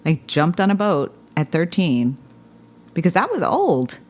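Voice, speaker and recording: A woman's voice: on the low side, huge pitch swings, measured pace, a little mellow. A woman from New Jersey, a podcast guest, telling family stories in a rambling, dryly funny way, full of "like"s. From New Jersey, USA. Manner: rambling, dry humor, many "like"s. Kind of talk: casual storytelling chat.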